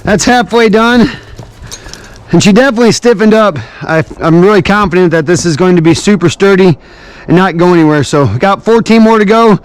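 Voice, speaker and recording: Clear and resonant, this high-pitched man talks briskly while hosting his construction vlog on a cold outdoor building site. The builder keeps it casual, chatty and upbeat, walking through each step as he works, though he's breathing heavily from the cold and climbing. An action camera serves as the microphone.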